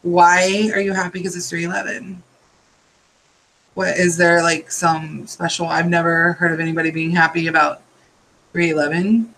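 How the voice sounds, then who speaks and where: Tired guy with a high voice doing a chatty nail tutorial, rambly asides, faint hum behind. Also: flat delivery, normal speed, creaky, sharp tone, poor audio. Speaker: nail art tutorial host. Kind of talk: casual step-by-step tutorial.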